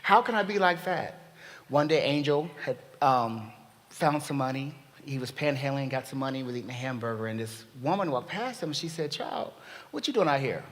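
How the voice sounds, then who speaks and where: A man speaking at a panel, telling a story in an animated way and acting out the dialogue. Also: medium pitch, a little fast. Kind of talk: storytelling talk. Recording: long reverb of a hall.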